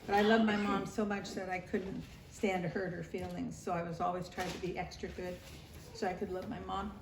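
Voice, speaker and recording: In a recorded family interview, an older woman with a fairly low, flat-pitched voice speaks fairly quickly, with some vocal fry. As a grandmother sharing family memories, she tells them warmly and nostalgically and acts out relatives' voices. The room has an echo and a faint hum.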